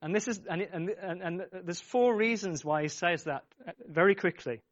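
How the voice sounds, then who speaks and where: A man's voice: high-pitched, normal speed, dry recording, highs cut off. A man preaching a sermon, speaking emphatically, repeating his phrases and urging the congregation on. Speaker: pastor.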